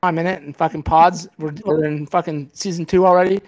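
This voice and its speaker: A man's voice: fairly high pitch, steady tone, fairly quick, a little mellow. A man co-hosting a podcast, ranting in a heated, swear-filled casual talk on a filmed set. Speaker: podcast co-host.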